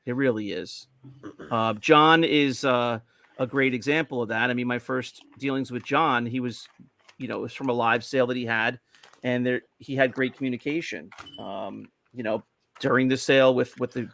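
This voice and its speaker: A man's voice: medium pitch, fairly bright tone. A man co-hosting a livestreamed toy-collecting podcast, chatting casually and restarting his sentences. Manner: chatty, halting with restarts and laughs. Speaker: podcast co-host.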